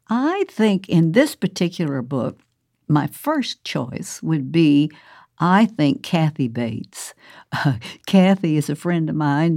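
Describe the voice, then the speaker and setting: A woman's voice: deep voice, dark tone, dry recording, clean studio sound. An older woman from the American South, an author speaking casually about her work, chatty and often laughing. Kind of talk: casual recorded monologue.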